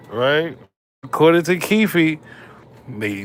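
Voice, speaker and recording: A man's voice: a little high, lively intonation, takes it slowly, pauses often. Laid-back New man livestreaming from a hospital room. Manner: laid back, slangy, chatty with viewers. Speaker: livestream host. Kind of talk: casual livestream commentary.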